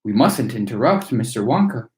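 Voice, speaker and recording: A man's voice: medium pitch, very animated, normal speed, a little mellow, close to an everyday voice. A man voicing a weary, indulgent father who soothes and stumbles, in an echoey room. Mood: soothing. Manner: soothing, flustered.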